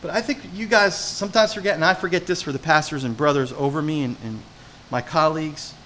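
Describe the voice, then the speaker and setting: Jersey guy preaching a sermon, kinda high bright voice, keeps asking the crowd stuff. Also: brisk, slight background noise. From New Jersey. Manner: animated storytelling, asks the congregation questions. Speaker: pastor.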